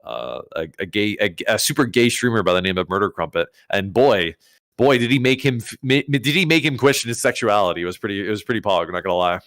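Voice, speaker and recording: A man's voice: lowish voice, expressive, fast, fairly bright tone. A young man co-hosting a casual stream, joking and rambling with many restarts. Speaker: streamer co-host.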